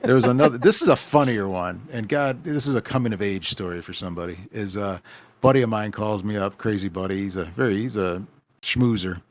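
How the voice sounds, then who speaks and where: A man's voice: on the low side, fairly quick. A man who owns a game store, telling rambling anecdotes on a casual podcast and acting out the dialogue.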